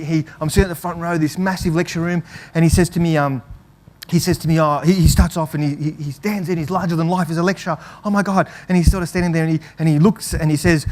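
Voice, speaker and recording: A fast-talking man tells a story on stage, animated and chatty. His voice sits a bit high. He keeps stumbling and restarting as he acts out the people in the tale. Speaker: professor giving a presentation. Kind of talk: storytelling talk to an audience.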